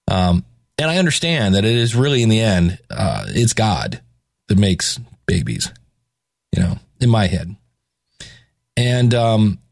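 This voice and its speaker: A middle-aged man gives a casual Bible reflection, retelling scripture in everyday speech in a conversational, rambling way full of restarts and hesitations. His voice sits on the low side, recorded at studio quality with no echo.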